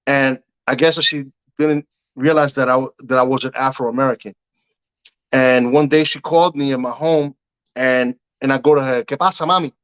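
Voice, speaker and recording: A man's voice: medium pitch, moderate pace, smooth, highs cut off. A middle-aged man of Cuban heritage, a guest telling stories in a casual interview and acting out the voices in them. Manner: animated storyteller, acts out quotes, frequent "you know what I'm saying".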